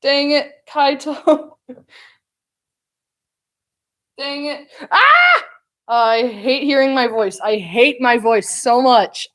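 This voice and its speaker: A woman's voice: a little high, slow. A woman live-streaming while drawing, chatting casually in a self-deprecating way and laughing often.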